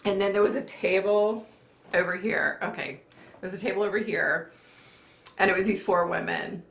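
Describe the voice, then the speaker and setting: A woman's voice: mid-range voice, steady tone, moderate pace, gravelly, fairly bright tone. A middle-aged woman hosting a casual livestream, chatty and laughing often as she reads viewer comments aloud. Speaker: livestream host. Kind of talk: casual live chat. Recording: echoey room.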